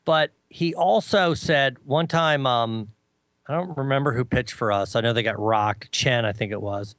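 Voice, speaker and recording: A man chatting casually as a co-host, telling a lively story and mimicking others in a high voice. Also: moderate pace, no room sound. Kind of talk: casual chat.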